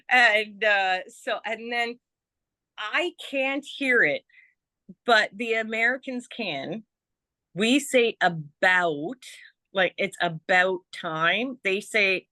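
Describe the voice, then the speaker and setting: Canadian woman guest, unhurried delivery, chatty and given to laughter, dry close sound. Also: medium pitch, sharp tone, dry recording. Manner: chatty, laughs often, mimics voices. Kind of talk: casual chat.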